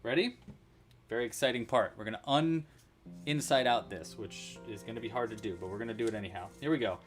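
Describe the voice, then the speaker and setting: A man's voice: mid-range voice, fast talker, soft background music. A man hosting a casual crochet livestream tutorial, narrating his own handiwork with chatty, playful asides to viewers. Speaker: crochet instructor.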